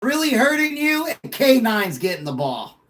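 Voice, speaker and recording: A gruff football head coach barks at his quarterback in a raised, mock-stern voice, as a man puts him on. He sounds half-serious and teasing. The pitch jumps well above the man's usual register. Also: big pitch swings, normal speed, a bit bright, exaggerated voice.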